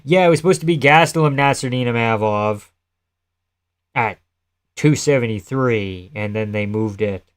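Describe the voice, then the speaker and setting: A man's voice: medium pitch, normal speed, clear, resonant tone. Male streamer, mid-range voice, rambling offhand chat with viewers, swears now and then. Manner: loose, rambling, profane, answers chat messages. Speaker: live streamer. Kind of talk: casual live-stream chat reacting to a fight card.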